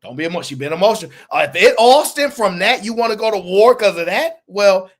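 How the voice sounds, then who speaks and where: Fast-talking, high-voiced young man ranting. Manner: animated, mocking, repeats himself, calls people sir. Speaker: live stream host. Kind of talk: heated commentary to a live chat.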